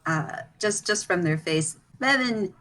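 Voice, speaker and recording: A woman's voice: medium pitch, expressive, measured pace, fairly bright tone, low-quality recording. A woman playing in a tabletop role-play game, describing her character's actions in a casual, giggly, hesitant way with many restarts.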